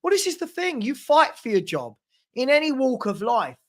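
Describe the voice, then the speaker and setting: A man's voice: extremely high pitch, big pitch swings, normal speed. A young man hosting a live football watchalong from his home room, chatting casually and reading out viewer comments. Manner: chatty, reads out viewer comments, scolds a puppy. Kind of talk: casual live-stream chat.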